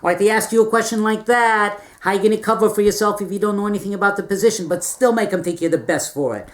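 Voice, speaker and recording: A man's voice: high-pitched, fast talker. A man giving a comic seminar lecture, coaching in a cocky, condescending way. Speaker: seminar speaker.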